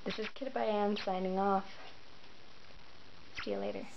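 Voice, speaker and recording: A woman's voice: medium pitch, steady tone, unhurried, creaky, slight background noise. A woman giving casual, admiring commentary on game art. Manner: admiring, enthusiastic. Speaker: art segment contributor. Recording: dull lo-fi mic.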